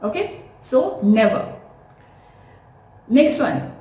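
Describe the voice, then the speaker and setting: A woman's voice: fairly high pitch, very animated, slow pace, pauses often, warm tone. A woman with an Indian English accent teaching English pronunciation, spelling words letter by letter and repeating them. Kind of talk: slow, deliberate instructional talk to camera. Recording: echoey room.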